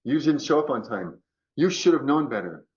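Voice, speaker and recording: A man talking as a podcast guest about choice and resilience, acting out quoted voices in an animated way. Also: medium pitch, normal speed, lo-fi sound. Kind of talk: conversational coaching talk.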